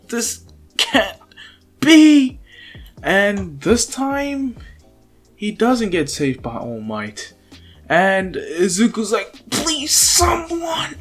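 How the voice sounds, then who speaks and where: A man loosely retells a made-up fan story in an unhurried, chatty way, full of fillers and slang. His voice sits a little high for a man. Faint music plays underneath. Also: fairly bright tone. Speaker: channel host, storyteller.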